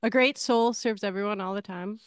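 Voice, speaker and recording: A woman's voice: mid-range voice, brisk, clean tone, dry recording. Woman reading takeaways in a dry voice. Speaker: podcast co-host.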